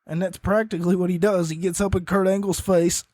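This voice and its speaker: A man's voice: high-pitched, little pitch movement, brisk, darkish tone, dry recording. Rambling man recapping wrestling, dry close mic. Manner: rambling, self-correcting, coughs between points. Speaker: podcast host.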